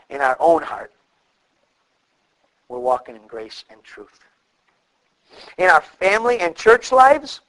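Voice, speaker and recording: A middle-aged male pastor preaching a sermon, animated and acting out the voices of the people he quotes. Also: fairly high pitch, rough recording.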